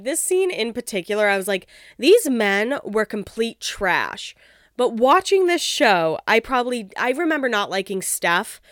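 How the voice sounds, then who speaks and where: Woman, TV recap host, casual commentary, blunt and opinionated, clean smooth voice. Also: on the high side, no echo, clean studio sound. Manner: blunt, opinionated and profane, with laughs.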